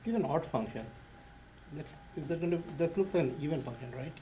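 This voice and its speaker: A man's voice: fairly high pitch, animated, brisk, warm tone, slight background noise. A man asking his teacher questions in a math class. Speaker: student.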